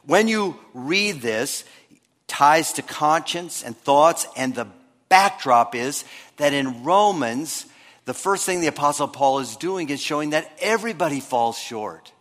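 A man preaching a sermon, moving between emphatic and hushed delivery. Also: a little high, measured pace. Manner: lively preaching, shifts between loud and hushed. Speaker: pastor. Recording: long hall reverb.

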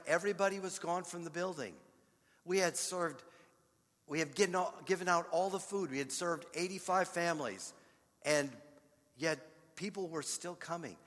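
A man preaching a sermon as pastor, earnest, swinging from soft asides to loud emphatic lines. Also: on the high side. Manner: earnest, rises and drops in loudness for emphasis. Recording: long reverb of a large hall.

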